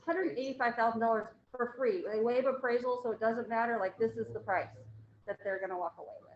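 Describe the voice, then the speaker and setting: A chatty, animated woman with a fairly high voice, talking up the housing market at a meeting. The room is echoey and the sound is a little dull. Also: quick pace. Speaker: real estate agent. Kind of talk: casual announcements.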